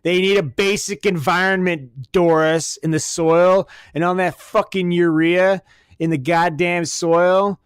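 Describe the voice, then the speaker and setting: A man's voice: sits high, steady tone, a little slow, smooth, no echo, studio quality. A man hosting a podcast, ranting crudely and sarcastically and swearing constantly. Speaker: podcast host. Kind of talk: profane comedic rant.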